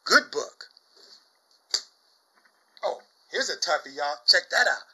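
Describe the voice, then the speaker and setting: A young man chatting casually about his comic book finds, exuberant, saying "y'all" often and bursting into loud shouts and laughs. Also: on the high side, very animated, takes it slowly, breathy edge, rough recording. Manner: exuberant, says "y'all" a lot. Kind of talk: casual chat.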